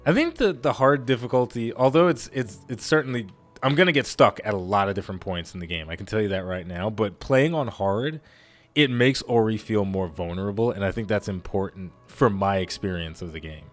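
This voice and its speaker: A man hosting a let's play, giving casual, excitable gameplay commentary that rambles with frequent restarts. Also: fairly low pitch, fairly quick, faint music behind.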